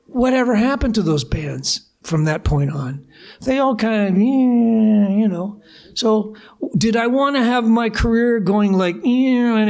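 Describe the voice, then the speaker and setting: An older man from Canada, a guest musician, telling lively anecdotes at a live interview and acting out old phone calls. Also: high voice. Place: live bar venue with audience.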